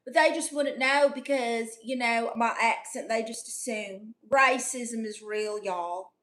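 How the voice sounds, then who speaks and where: A woman's voice: on the high side, unhurried, a bit bright. A woman doing a comedic livestream in character, brash and playfully boastful as she reads out chat messages.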